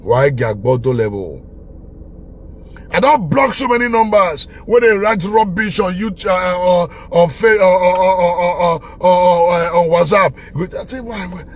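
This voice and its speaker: Speaking at a normal speed in a high voice, this man is a Nigerian online commentator whose Pidgin-inflected accent carries a fervent, sermon-like political rant. He repeats himself constantly, punctuating it with outbursts of laughter and yelling.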